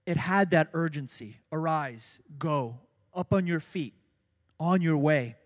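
Pastor, male, middle-aged, high voice, dynamic sermon delivery with loud peaks, big hall reverb. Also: slow pace. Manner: dynamic preaching, swings from soft to loud emphasis.

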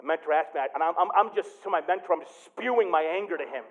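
A man preaching a sermon as pastor, telling a story with big swings from quiet to loud. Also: fairly high pitch, quick pace, narrow, tinny audio. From Michigan.

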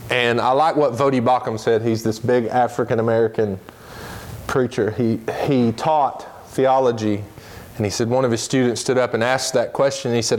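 Man, Sunday school teacher, earnest lesson delivery, slows down to stress points, reads scripture quickly. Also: mid-range voice, steady tone, a little hiss or hum. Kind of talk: Bible lesson.

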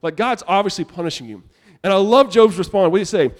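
A young adult man preaching a sermon to a church congregation in a casual, animated conversational way. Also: high voice, fast. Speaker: pastor. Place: church sanctuary.

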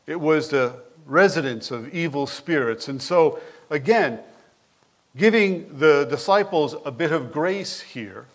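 A man preaching a sermon as pastor, with an expressive, animated delivery who asks his listeners questions directly. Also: a little high, measured pace.

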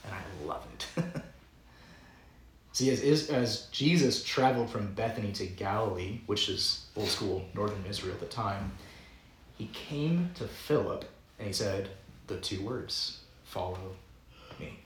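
A man's voice: fairly low pitch, animated, unhurried, reverberant, a little hiss or hum, poor audio. A man preaching a sermon as pastor, in a conversational, playful way that often breaks into chuckles. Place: church sanctuary.

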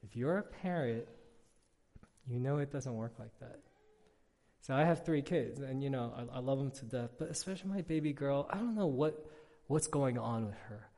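A man pastor giving a casual, animated sermon, telling stories with lots of filler words. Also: a little high, moderate pace. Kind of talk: conversational sermon. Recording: long hall reverb.

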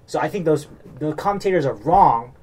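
A man's voice: fairly high pitch, animated, a little fast, a little mellow, slightly rough. A man from the United States chatting casually, rambling with lots of fillers and restarts and getting worked up as he recaps a reality show.

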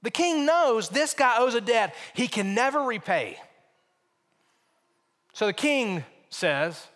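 A man's voice: extremely high pitch, very animated, slow pace, pauses often, a bit bright, long reverb tail. A man preaching a sermon as pastor, speaking with emphasis, repeating phrases and putting rhetorical questions to his listeners.

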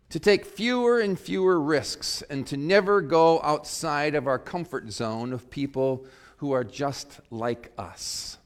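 A pastor delivering a sermon and leading a prayer, earnest and reflective, rising to sudden emphasis on key phrases. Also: male voice, on the high side, a little slow. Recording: long reverb of a large hall.

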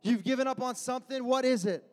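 Young male youth pastor with a very high voice, preaching with rising shouted refrains and faint music behind. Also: fast. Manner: builds to shouted refrains, slangy, repetitive calls. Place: youth service gathering.

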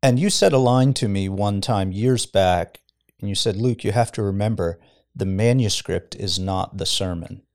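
This middle-aged man is a pastor chatting reflectively on a laid-back podcast recorded in a studio, with frequent chuckles as he recounts a story. His voice is fairly low and darkish, and his pace is moderate.

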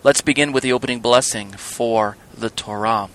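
A man giving a recorded Torah teaching, who often pauses with fillers and restarts and spells words out letter by letter. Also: medium pitch, a bit bright.

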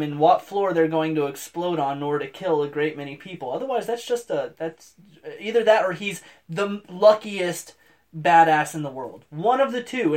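Easygoing man in laughing, halting banter. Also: sits high, darkish tone. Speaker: podcast co-host. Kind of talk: casual banter debate.

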